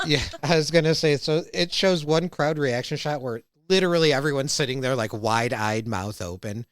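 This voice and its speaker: A man hosting a podcast, recapping a cartoon episode in relaxed casual chat. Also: mid-range voice, normal speed. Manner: relaxed, recaps scenes by reading out quotes. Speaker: podcast host.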